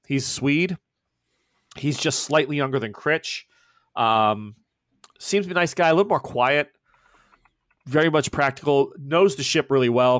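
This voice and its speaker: A man narrating a tabletop game as game master, mid-pitched and easygoing. He rambles through fillers and corrections as he describes scenes, recorded close in a dry, dead space. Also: a bit bright, no echo.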